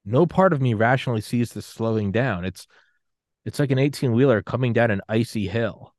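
A man in his thirties talking casually on a podcast, acting out quotes in an animated way. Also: medium pitch, fairly quick, no room sound, studio quality. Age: 30s. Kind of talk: casual conversation.

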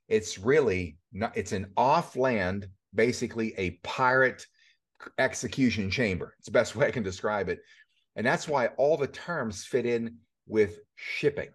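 Lower-voiced man, animated host. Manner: animated, rising to emphatic peaks. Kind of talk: conversational interview.

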